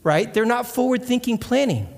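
A man's voice: very high-pitched, animated, moderate pace, vocal fry. A man giving a guest sermon in church, talking conversationally and asking the congregation questions. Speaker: guest speaker. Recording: long hall reverb.

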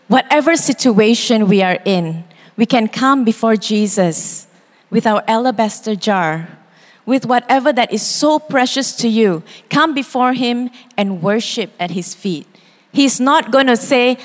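A woman, preaching a sermon as pastor, expressive and quick to act out voices. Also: on the high side. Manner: expressive, acts out quoted voices, laughs easily. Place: church hall. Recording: long reverb in a church hall.

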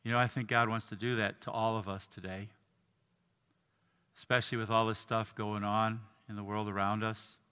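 An older man preaching a sermon as pastor, earnest, dropping soft and low and then rising to emphatic lines. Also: level tone, moderate pace, clean tone, big-room sound. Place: church.

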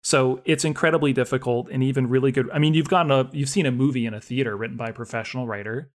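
A man's voice: medium pitch, steady tone, fast talker. A man co-hosting a podcast, chatting casually and ranting with animation about writing, laughing often. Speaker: podcast co-host.

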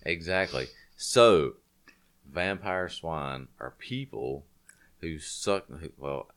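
Man, extremely low voice, smooth and resonant, stuffy nose, rambling casual talk. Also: expressive, slow pace, a bit bright. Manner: rambling, restarts often, folksy. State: congested. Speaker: podcast co-host. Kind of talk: casual chat.

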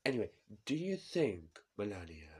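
A man doing a comic impression of a boastful, bumbling older male politician who talks loudly and stammers. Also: fairly low pitch, sing-song, normal speed, husky. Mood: blustering. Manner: loud, stammering, whiny.

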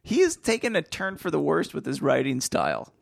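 A man co-hosting a podcast, chatting slowly and laughing often. His voice is gravelly and swoops across a very wide range, recorded dry and close. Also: fairly high pitch, huge pitch swings, dry recording. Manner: laughs often, slow and drawling. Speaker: podcast co-host. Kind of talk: casual chat.

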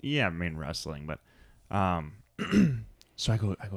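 A man in his thirties co-hosting a podcast, telling a relaxed story in casual chat. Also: deep voice, a little slow, gravelly, no room sound. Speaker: podcast co-host.

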